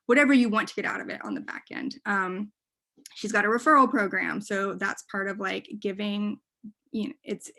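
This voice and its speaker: A woman gives a casual workshop presentation. She talks in a loose, chatty way, with many fillers and quick asides to the audience. Her voice sits at an ordinary middle pitch. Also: pushed and bright. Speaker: workshop speaker.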